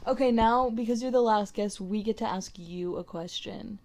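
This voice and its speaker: A woman's voice: mid-range voice, darkish tone. Playful teasing woman co-host. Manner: playful, quick teasing banter. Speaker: podcast co-host. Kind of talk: casual podcast chat.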